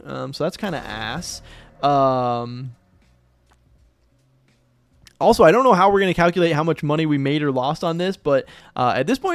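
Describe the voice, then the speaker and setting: Young guy streaming, kinda high voice, rambly, fixes himself mid-sentence, dry close mic. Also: no echo. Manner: chatty, musing aloud, self-correcting. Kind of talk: casual live-stream commentary.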